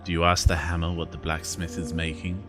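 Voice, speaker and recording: A man doing a monumental ancient serpent, scornful and menacing, with a very deep, low voice. It speaks slowly and grandly, like a game creature reading out a doom-laden prophecy, with game music playing behind it. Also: level tone, lightly acted. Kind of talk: reading game dialogue aloud in a put-on voice.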